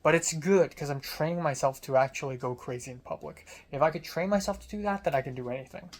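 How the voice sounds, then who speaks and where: Sardonic young vlogger with an American accent. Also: medium pitch. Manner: rambling, sardonic, quick asides. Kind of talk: casual storytelling vlog.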